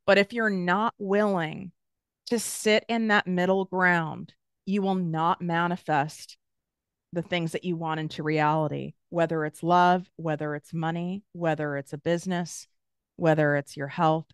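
Blunt, smooth-voiced woman coach. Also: fairly low pitch, steady tone, unhurried, dry recording, studio quality. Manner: blunt, swears freely, direct. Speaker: business and manifestation coach. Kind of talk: motivational talk to camera.

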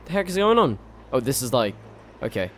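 A young man giving excitable let's play commentary as a gaming channel host, laughing often and swearing freely. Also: mid-range voice, fairly quick, slight background noise.

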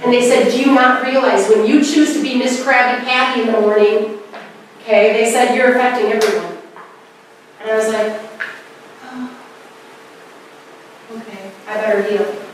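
A woman's voice: on the high side, steady tone, normal speed, slight background noise. A middle-aged woman giving a spiritual talk to a live audience, telling stories and acting out the voices she quotes. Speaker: presenter. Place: presentation hall. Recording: very echoey hall, mic at a distance.

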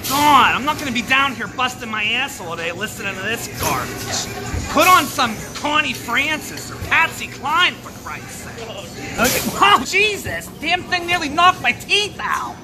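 A foul-mouthed old grandmother, as a performer puts her on, gruff and complaining in a comedy sketch. Her pitch swings widely from one phrase to the next. Music plays loudly in the background. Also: sing-song, a little slow. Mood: grumbling. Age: older. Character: cranky elderly grandmother, short-tempered and foul-mouthed. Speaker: comedy character host.

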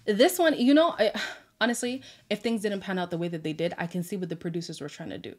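A woman's voice: on the low side, fast, a little mellow, soft background music. A woman casually recapping a reality show with sassy, exasperated asides and laughs. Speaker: recap vlogger.

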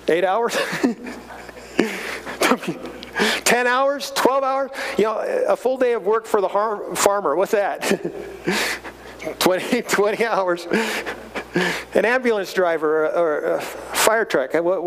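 A man giving a casual Bible study talk, animated, chuckling and often repeating words as he reads and explains. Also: sits high, slow, gravelly, long pauses, slight background noise, low-quality recording. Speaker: Bible teacher.

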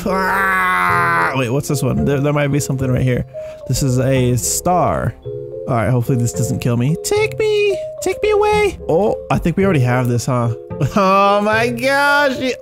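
A man giving casual, excitable commentary as he plays a video game, joking and yelping. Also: creaky. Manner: excitable, jokey, bursts into laughter and high yelps. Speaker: gaming YouTuber. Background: game music.

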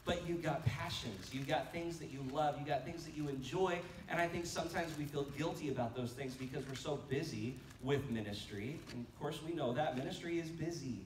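A man's voice: on the high side, brisk, few pauses. Male pastor, conference sermon, storyteller who acts out dialogue; distant mic, echoey sanctuary. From United States. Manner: storytelling, animated quotes, laughing asides. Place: church sanctuary. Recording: echoey church hall from far off, faint noise.

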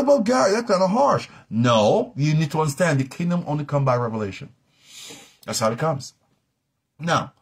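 A man's voice: high voice, slightly rough. A middle-aged man teaching a live-streamed Bible study in an emphatic, repetitive, preacherly manner.

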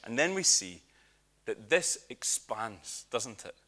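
A Scottish preacher delivering a sermon with lively storytelling and humorous asides. His voice sits at a medium pitch with a bright, forward tone. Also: slow.

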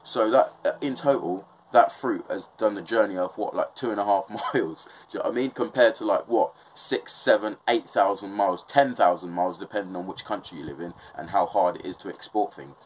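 A young Englishman delivers a casual, impassioned monologue, swearing often and repeatedly asking "do you know what I mean" to check he's understood. His voice is on the low side and brisk with hardly any pauses, over slight background noise and poor audio.

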